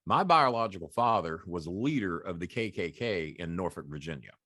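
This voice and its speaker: Blunt, profane man, low and dry. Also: expressive, brisk, a bit bright, no room sound. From Southern US. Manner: blunt, profane, laughs through his stories. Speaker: guest. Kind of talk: casual storytelling. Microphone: podcast call.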